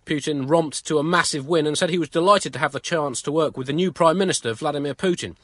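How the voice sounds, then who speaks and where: A man's voice: on the high side, quick pace, fairly bright tone, no room sound. A man co-hosting a comic news podcast, trading ironic asides and laughing often. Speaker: co-host.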